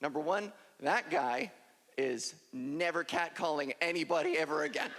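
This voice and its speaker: This stand-up comedian, a trans woman, speaks in a deep voice with vocal fry, lively intonation and a fairly bright tone, at a moderate pace. Her set is self-deprecating and punchy, performed for a live crowd in an echoey hall with ambient noise.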